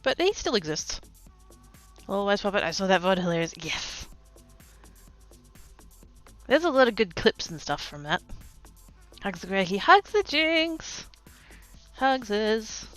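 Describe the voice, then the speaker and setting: Woman, livestreamer, casual chat from home, playful, high squeals, lively swooping pitch, faint background music. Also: a little slow, pauses often. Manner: reads and answers chat as she goes.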